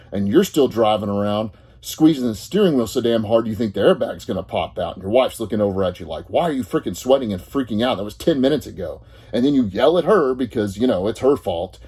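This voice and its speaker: A man's voice: fairly low pitch, mellow, husky. A middle-aged man, a therapist talking bluntly and confrontationally to the viewer, swearing freely. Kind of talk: blunt motivational monologue to camera.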